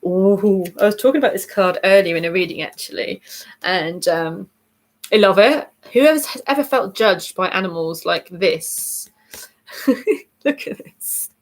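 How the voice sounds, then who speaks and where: A woman's voice: mid-range voice, a little slow. Chatty woman giving a tarot reading. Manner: chatty and bubbly, laughing often, self-correcting. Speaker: tarot reader. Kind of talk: casual weekly tarot reading video.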